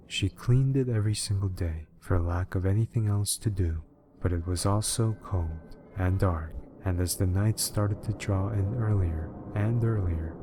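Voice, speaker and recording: A man reading a horror story aloud as scripted narration, in a measured, even manner. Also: deep voice, background noise.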